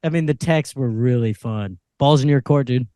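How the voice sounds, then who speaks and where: A laid-back man co-hosts a comedy podcast and chats casually about a trip. His pitch sits in the middle range, and the sound is dry and close to the mic. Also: moderate pace, dark tone, clear, resonant tone, dry recording. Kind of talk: casual chat. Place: podcast studio.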